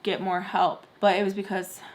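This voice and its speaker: A woman's voice: mid-range voice, little pitch movement, moderate pace. Chatty woman telling a storytime. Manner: chatty, many "like" fillers, acts out quotes. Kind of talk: casual storytime chat.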